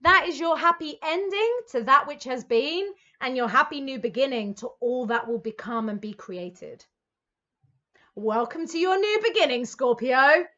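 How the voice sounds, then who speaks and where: Gushing excitable woman tarot reader. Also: high voice, measured pace, highs cut off. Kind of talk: tarot reading monologue.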